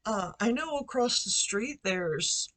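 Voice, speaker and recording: A woman's voice: on the high side, animated, takes it slowly, fairly bright tone. A woman vlogging from her bedroom into a computer microphone, telling a story casually with lots of fillers and side remarks. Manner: rambling, chatty, with asides and fillers. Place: bedroom at home.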